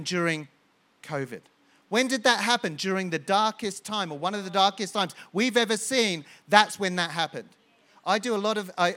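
A man's voice: high voice, a bit bright. A man preaching a sermon as pastor, building with rhetorical questions and repetition.

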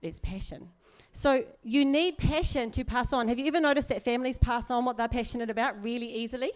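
A woman's voice: on the high side, fairly quick. A middle-aged woman preaching in a chatty, earnest way, with asides and laughs. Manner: conversational, earnest, laughs often, many asides. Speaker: church speaker. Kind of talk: sermon.

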